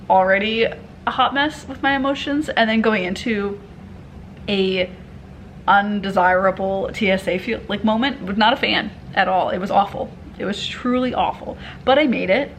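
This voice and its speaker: A young woman telling a story in a casual vlog, candid and animated, swearing freely and acting out what people said. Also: medium pitch, a little hiss or hum, poor audio. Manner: candid, animated retelling with profanity and quoted dialogue. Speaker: vlogger.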